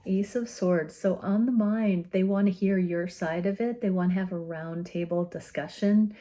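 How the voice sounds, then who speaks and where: A woman giving an intuitive tarot reading, speaking in a gentle, soothing and earnest way with soft laughs. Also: on the low side, steady tone. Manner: slow, gentle and soothing, often laughing softly; earnest and openly emotional. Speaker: tarot reader.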